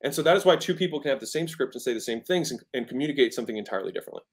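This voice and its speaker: An animated, racing mid-range voice belongs to a guest entrepreneur teaching sales in an informal interview. He makes his case emphatically, keeps checking in with "right?", and demonstrates tones of voice to drive points home.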